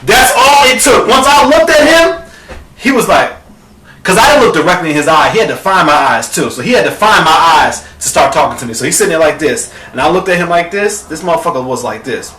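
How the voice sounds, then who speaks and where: A young man telling a profane, dramatic story to his camera, calling his viewers "girl" and breaking into shouts at the high points. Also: expressive, quick pace, recorded from a distance. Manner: bursts into shouting at peaks. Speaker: vlogger. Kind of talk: animated storytelling rant. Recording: echoey room, off the mic.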